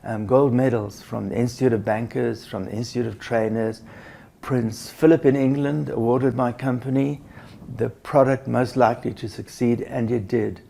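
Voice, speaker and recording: A man's voice: medium pitch, steady tone, moderate pace, creaky, mellow. An older man, a business educator, recounting in an anecdotal way how his work began, with restarts and acted-out dialogue. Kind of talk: reflective storytelling.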